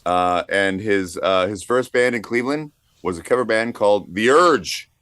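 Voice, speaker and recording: Man, deep low voice, dry close sound, halting, lots of uh, dry quips. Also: a bit bright, clear, resonant tone, no echo. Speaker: podcast co-host. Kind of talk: casual storytelling with research notes.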